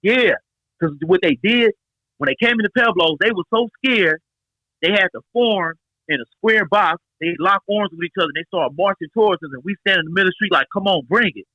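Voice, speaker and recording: A man's voice: high-pitched, brisk, dry recording, highs cut off. A man in his forties from Los Angeles, telling street stories as an interview guest and acting out the quotes. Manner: animated street storytelling, acts out quotes. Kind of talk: casual storytelling interview.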